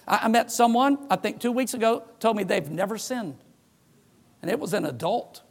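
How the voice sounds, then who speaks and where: A middle-aged man delivers a sermon as a pastor. His voice sits notably high for a man. He tells stories with animation and slips into the voices of the people he quotes. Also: normal speed, vocal fry. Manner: animated storyteller who acts out quoted voices.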